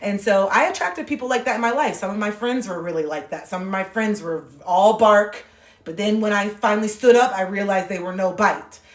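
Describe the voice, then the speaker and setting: Animated, profane woman livestreaming in a roomy space. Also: mid-range voice, fairly quick, distant mic. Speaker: livestream host. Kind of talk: casual livestream chat. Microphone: phone.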